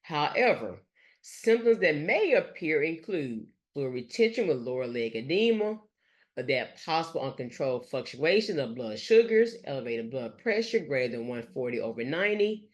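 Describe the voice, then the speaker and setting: A nurse educator giving a recorded lecture over slides, speaking haltingly and leaning on fillers and restarts. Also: medium pitch, sing-song. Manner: halting, with frequent fillers like "let's say" and "gonna".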